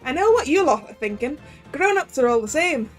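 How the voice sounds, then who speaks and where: A woman's voice: high voice, big pitch swings, brisk, soft background music. A woman voicing a cheeky young girl pickpocket with a wobbly attempted Cockney accent that drifts toward Irish. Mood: taunting. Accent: attempted Cockney, slipping toward Irish.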